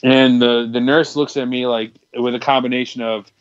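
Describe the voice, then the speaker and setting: A man's voice: medium pitch, little pitch movement, moderate pace, highs cut off, a little hiss or hum. Rambling young man telling a crude story. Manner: rambling, candid, crude storytelling with many restarts. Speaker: podcast co-host. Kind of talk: casual storytelling chat.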